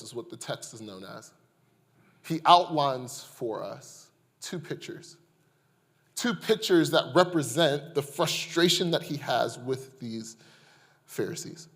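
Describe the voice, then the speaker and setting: A male pastor preaching a sermon in a casual, conversational way, swinging between loud, emphatic passages and quiet, hushed asides. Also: mid-range voice.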